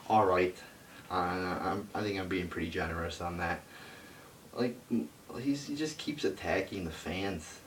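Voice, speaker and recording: A man with a low voice rants through a casual review, swearing freely and sounding exasperated. He sits back from the mic in an echoey room with faint noise behind him. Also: far from the mic. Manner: profane, exasperated ranting. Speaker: wrestling reviewer.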